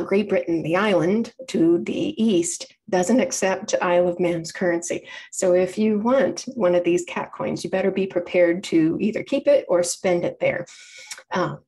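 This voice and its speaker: A woman's voice: medium pitch, a little mellow. Chatty woman lecturing. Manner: chatty, explanatory, frequent self-corrections. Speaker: library program presenter. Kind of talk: informal public lecture.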